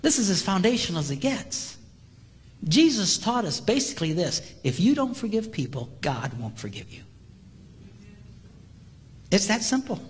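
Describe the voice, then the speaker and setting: A man giving a humorous sermon-style seminar talk, telling stories animatedly and jumping into high voices for quotes. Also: very animated, moderate pace, pauses often. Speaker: marriage seminar speaker. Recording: live hall with long reverb, faint ambience.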